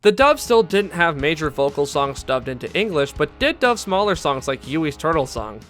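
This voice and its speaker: A man's voice: a little high, very animated, moderate pace, fairly bright tone, faint music behind. A man giving scripted video-essay narration as an anime commentator, enthusiastic and candid with fan asides.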